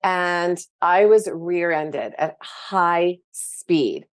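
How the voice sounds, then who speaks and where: A woman's voice: on the low side, extremely slow, clean tone. Frank woman telling her story. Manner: frank, animated, many fillers. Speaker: guest. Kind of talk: candid personal story in interview.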